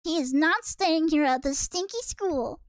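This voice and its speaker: A woman's voice: high-pitched, unhurried, no room sound. A young woman streamer reading a manga aloud and chatting casually about it, reactive and laughing easily, on a close desk mic. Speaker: VTuber streamer.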